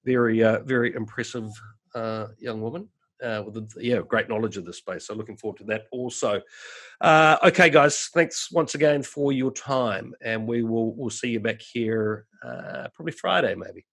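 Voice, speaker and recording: A man's voice: medium pitch, normal speed, vocal fry, fairly bright tone. A man hosting a casual video chat, talking loosely with many fillers and restarts. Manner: chatty, filler-heavy, frequent restarts. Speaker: host.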